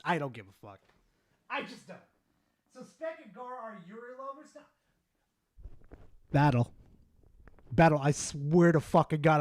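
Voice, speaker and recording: A man streaming casually, reading chat aloud and reacting with heavy swearing, muttering one moment and yelling the next. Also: a little high. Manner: profane, excitable, swings from muttering to yelling.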